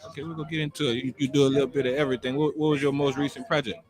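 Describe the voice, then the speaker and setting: A man's voice: medium pitch, little pitch movement, racing, crowd noise. A man hosting a casual live podcast interview at a church health fair, greeting his guest with upbeat, hype-man energy. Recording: music playing in the background.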